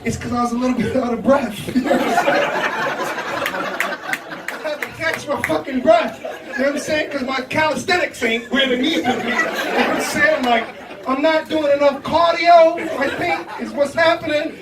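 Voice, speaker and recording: High-voiced man doing profane stand-up. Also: steady tone, normal speed. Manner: loose and profane, laughing at his own jokes. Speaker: stand-up comedian. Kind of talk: stand-up set. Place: comedy club stage. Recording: echoey club room from a distance, audience noise. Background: crowd laughter and reactions.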